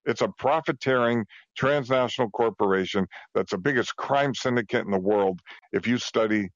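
Fast-talking man on a dull lo-fi line. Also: medium pitch, no echo. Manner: rushed, emphatic, piles on examples. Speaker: guest. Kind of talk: fast conversational testimony.

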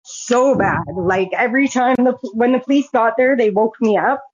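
A woman's voice: on the high side, normal speed, slightly rough, dry recording. A woman recounting a personal story as a guest, speaking frankly and swearing freely. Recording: dull, dry lo-fi sound.

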